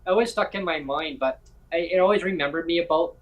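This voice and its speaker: A man hosts a casual podcast, telling stories in a loose, rambling way full of ums and likes. His voice sits a little higher than most men's. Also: quick pace, dull audio. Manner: rambling anecdotal storytelling with many fillers. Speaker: podcast host.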